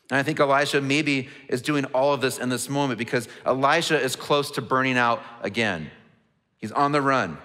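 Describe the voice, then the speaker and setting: A pastor preaches a sermon in a large church auditorium, and the long reverb of the big hall fills the recording. His medium-pitched voice is bright and forceful, fairly quick, earnest and conversational, and he often restarts his words.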